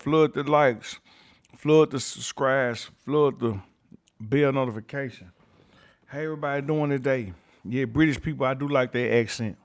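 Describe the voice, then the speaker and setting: A man hosting a YouTube livestream, greeting chat viewers by name and repeating his catchphrases. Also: mid-range voice. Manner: repeats catchphrases, reads chat names aloud, chuckles often. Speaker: YouTube channel host.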